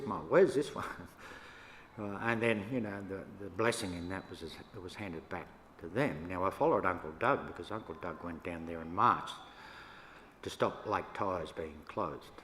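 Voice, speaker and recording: An older Australian man, a First Nations elder, telling stories to an audience in a relaxed, yarning way with laughs between them. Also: low-pitched. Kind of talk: storytelling talk to an audience. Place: church hall. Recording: echoey hall, faint room noise.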